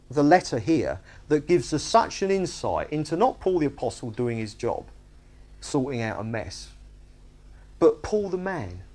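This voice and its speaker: A man preaching a sermon, emphatic and conversational, often asking his listeners whether they see his point. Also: on the high side. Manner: animated, emphatic, asks the congregation "you see?".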